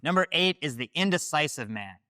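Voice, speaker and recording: A man hosting a scripted dating-advice video, laying out his points in a direct, declarative way. His voice is fairly high and bright, with a dry close sound. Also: lively intonation, a little fast, dry recording, soft background music. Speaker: host.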